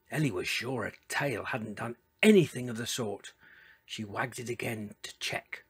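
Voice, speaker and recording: A man reading a children's story aloud in a lively, expressive way, talking to a few listeners by name. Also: medium pitch, normal speed, slightly rough.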